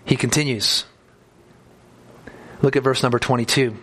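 A man's voice: mid-range voice, steady tone, normal speed, a bit bright, slightly rough. A man preaching an expository sermon, reading scripture aloud and explaining it, speaking the text's lines in first person with rising emphasis. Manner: reads scripture aloud, then explains it in plain words.

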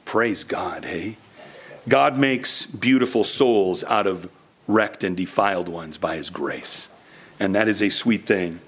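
A man's voice: low-pitched, takes it slowly, fairly bright tone, breathy edge. A young man preaching a sermon, telling a personal story earnestly with frequent restarts.

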